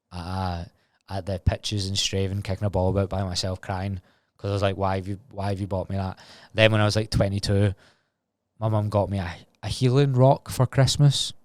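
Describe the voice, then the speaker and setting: A man's voice: low-pitched, a little mellow, no echo, studio quality. A Scottish man in his twenties talking candidly and rambling on a solo podcast, swearing freely. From Scotland. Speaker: podcast host.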